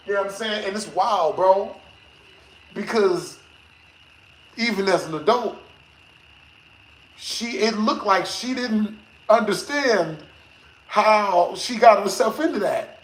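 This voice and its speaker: High-voiced man telling a story to stream chat, in an echoey room. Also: slow pace, long pauses. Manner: animated, laughs often, swears and uses slang. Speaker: gaming streamer. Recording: echoey room with faint noise.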